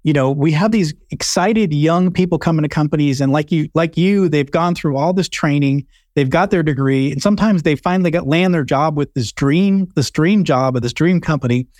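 A man's voice: a little high, moderate pace, hardly any pauses, a little mellow, dry recording. A man hosting a leadership podcast, introducing his guest and asking questions in a conversational way. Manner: conversational, encouraging, some fillers. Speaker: podcast host. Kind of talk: interview hosting.

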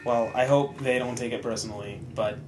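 A man's voice: medium pitch, fairly even intonation, fairly quick, darkish tone, soft background music. A man co-hosting a casual podcast, teasing the others with dry jokes. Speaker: podcast co-host.

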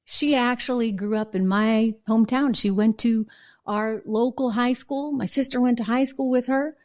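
A woman hosting a political talk show speaks in a fairly high voice. She argues her case in an emphatic, conversational way. She keeps turning to the viewer with quick check-ins. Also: steady tone, a little mellow. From New England. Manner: emphatic, conversational, asks viewers "right?" and "okay?". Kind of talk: opinion monologue.

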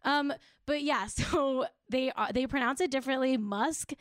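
A woman's voice: high voice, normal speed, no echo, studio quality. Chatty, giggly young woman hosting live. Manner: chatty, self-mocking, giggly, lots of "like". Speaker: host of a live web show. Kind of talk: casual live-stream chat.

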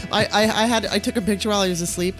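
A woman in her fifties co-hosting a casual podcast, frank and bawdy, often breaking into giggles. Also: mid-range voice. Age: 50s.

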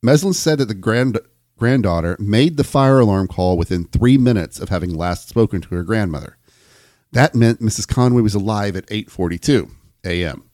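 A man's voice: fairly low pitch, expressive, normal speed, darkish tone, no room sound, clean studio sound. An American man co-hosting a podcast, reading long passages aloud in a casual chat and stumbling over words now and then. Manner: reads long passages, stumbles and restarts, jokes along. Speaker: podcast co-host.

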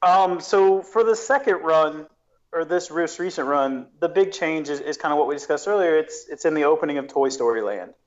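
A man's voice, slightly higher than most, comes through a dull, muffled recording. He talks as a podcast guest, working through a long explanation with restarts and fillers. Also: expressive, normal speed. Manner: explains at length with many restarts. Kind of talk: casual podcast conversation.

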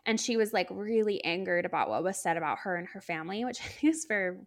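A woman's voice: on the low side, fast. A woman co-hosting a podcast in casual chat, talking with many "like" fillers and light laughs. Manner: chatty, frequent "like" fillers, laughs while talking. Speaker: podcast co-host.

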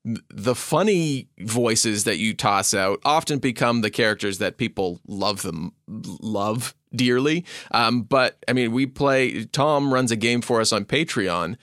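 A man co-hosting a podcast, chatting casually about tabletop games in an easygoing, halting way. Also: medium pitch, a bit bright, dry recording, studio quality. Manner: easygoing, halting, many fillers. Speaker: podcast co-host. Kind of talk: casual chat.

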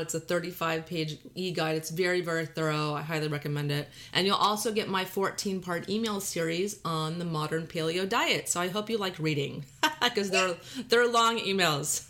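Bright-voiced Texan woman podcast host. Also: fairly low pitch. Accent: Texan drawl mixed with Californian Valley Girl. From Texas. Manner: chatty and self-deprecating, laughs often. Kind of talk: casual podcast chat.

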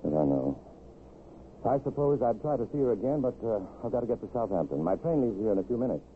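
A man's voice: mid-range voice, big pitch swings, fast, lightly acted. An actor playing a strained young man in a 1950s radio drama, speaking curtly. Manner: strained, curt. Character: tense young man in a bad marriage. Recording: tinny, hissy 1950s radio broadcast.

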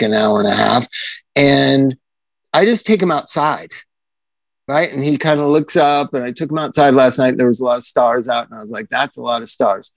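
A man in his thirties chatting casually as a podcast co-host, animated and swearing as he tells a story. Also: medium pitch, vocal fry, no room sound. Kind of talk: casual chat.

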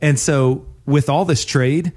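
A man's voice: fairly high pitch, fairly even intonation, slow, a little mellow. A man who is a financial advisor, hosting a radio talk show and telling a client story in a friendly, casual way with easy laughs.

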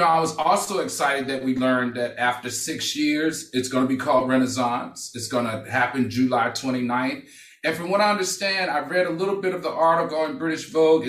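A man's voice: mid-range voice, fairly bright tone, distant mic. A chatty, enthusiastic male co-host on a talk show. He sits well back from the mic, and the room around him is echoey. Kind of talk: casual chat.

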